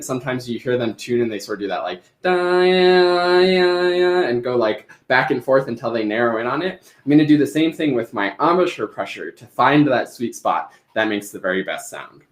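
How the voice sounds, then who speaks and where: A man's voice: medium pitch, reverberant. A man teaching clarinet in a live-streamed lesson, explaining each step as he demonstrates.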